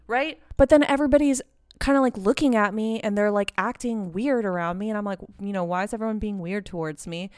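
A young woman telling a story in casual chat, animated and swearing, with lots of "like". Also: medium pitch, brisk, smooth. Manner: animated, swearing, heavy use of "like". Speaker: podcast co-host.

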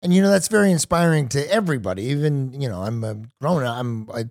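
An older man co-hosting a podcast, talking in a casual, halting way with many you-knows and uhs. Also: mid-range voice, animated, darkish tone, no echo, clean studio sound. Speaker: podcast co-host.

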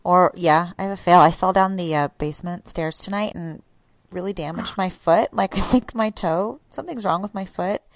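Woman telling stories with animated swearing. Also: fairly low pitch, normal speed, no room sound. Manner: animated storytelling, frequent swearing. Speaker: podcast co-host. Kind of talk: casual chat. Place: bedroom at home.

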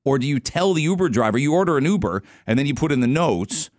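A man's voice: fairly high pitch, animated, fast talker, a little mellow, dry recording, studio quality. Chatty Canadian radio morning host, man. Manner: chatty, joking, musing aloud. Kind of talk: casual radio talk. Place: radio studio. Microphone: studio microphone.

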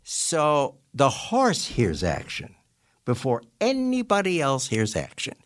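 Veteran actor, 80s, male; animated raconteur with a wide pitch range, dry studio sound. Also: takes it slowly, dry recording. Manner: animated storyteller who acts out voices and laughs often. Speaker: guest, character actor. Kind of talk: anecdotal interview storytelling.

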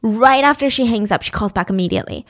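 A woman's voice: medium pitch, sing-song, rapid-fire. A young woman telling a true-crime story casually, with chatty, sarcastic asides.

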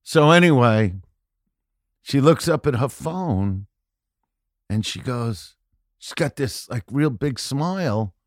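A brash man spins a profane story in relaxed podcast chat, his voice swinging widely in pitch as he builds into loud rants. The sound is close and dry, with no room around it. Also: slow pace, pauses often, no room sound. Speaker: guest comedian.

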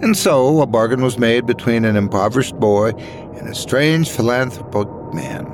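A man narrating a scripted horror story, measured and dramatic, dropping low at grim lines. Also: animated, music in the background.

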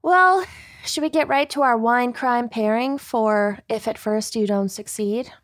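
Brief: woman from Minnesota, co-host, slightly high voice, unhurried and laughing, dry sound. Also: no room sound. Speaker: podcast co-host. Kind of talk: casual chat.

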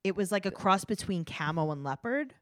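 A woman's voice: medium pitch, lively intonation, brisk, dry recording. A woman chats casually on a podcast, recapping reality TV with a sarcastic edge. Her voice swoops up and down freely. The recording is dry and close, with no room sound. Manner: sarcastic, acts out voices of people on the show. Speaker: podcast co-host.

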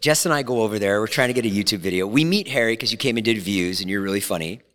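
A man's voice: on the low side, rapid-fire. Forty-something male podcast host, reverby studio. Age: 40s. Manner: animated storyteller, self-deprecating. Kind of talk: casual chat.

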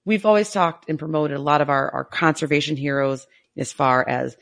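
A woman co-hosting a casual podcast, talking in an emotional, halting way as she gets teary. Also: deep voice, fairly even intonation, vocal fry, fairly bright tone. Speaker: podcast co-host.

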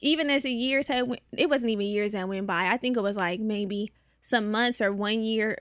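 A woman co-hosting a podcast, telling a story in animated, slangy casual talk. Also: fairly high pitch, normal speed, dry recording, studio quality. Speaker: podcast co-host.

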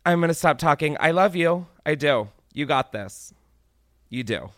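A man's voice: on the high side, animated, moderate pace, a bit bright, no echo, studio quality. A man hosting a podcast in casual chat, rambling, laughing often and swearing freely. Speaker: podcast host.

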